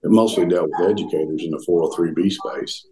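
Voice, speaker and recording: An older man with a Southern US accent, a former pastor telling his story as a podcast guest in an earnest, halting way full of restarts. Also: low-pitched, dark tone.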